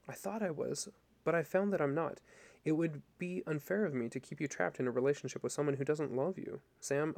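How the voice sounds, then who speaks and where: A man voicing a soft-spoken wife, gravelly. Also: on the high side. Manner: soft, measured, regretful. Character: wife calmly ending her marriage.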